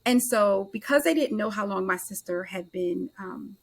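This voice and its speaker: A middle-aged woman, a podcast guest, telling a personal story in an animated way and acting out the dialogue of the people in it. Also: medium pitch. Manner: animated storyteller who acts out others' dialogue in quick back-and-forth. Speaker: podcast guest, author and life transitions coach.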